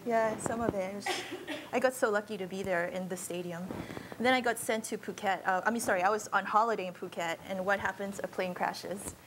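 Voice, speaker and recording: A woman's voice: medium pitch, fairly even intonation, a little fast, background noise. A woman photojournalist giving an informal slideshow talk in a university auditorium, speaking in a candid, conversational and unpolished way.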